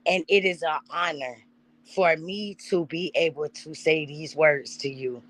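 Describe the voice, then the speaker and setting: A woman's voice: deep voice, measured pace, a bit bright, poor audio. Heartfelt woman hosting a live stream. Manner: heartfelt, talks straight to her chat. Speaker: channel host. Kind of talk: live-stream birthday tribute.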